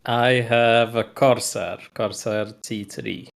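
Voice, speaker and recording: A man's voice: mid-range voice, fairly even intonation, takes it slowly, vocal fry. A man guesting on a live gaming podcast, talking in a hesitant, laughing, slightly awkward way.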